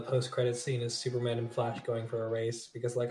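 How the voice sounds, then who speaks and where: A man co-hosting a podcast in casual chat, excitable, swearing and laughing often, recorded in an echoey room. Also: mid-range voice, a little fast, few pauses, soft background music. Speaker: podcast co-host.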